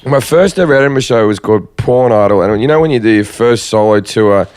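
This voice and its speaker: A man's voice: lowish voice, lively intonation, brisk, a little mellow, clear, resonant tone. A man from Australia, a comedian guest, telling stand-up stories in casual chat and laughing as he goes. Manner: chatty, laughs through stories.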